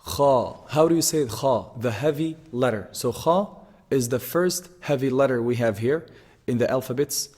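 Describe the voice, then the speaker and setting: A man's voice: medium pitch, normal speed, darkish tone, long reverb tail. A man teaching how to pronounce letters, patiently repeating each sound several times as he explains it. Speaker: Quran teacher. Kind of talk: pronunciation lesson.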